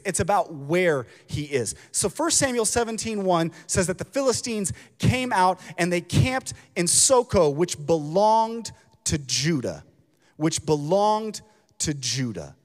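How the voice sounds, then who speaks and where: A youth pastor preaching a sermon, telling a story in an animated, casual way with slang. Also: male voice, high voice. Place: church auditorium. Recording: long hall reverb.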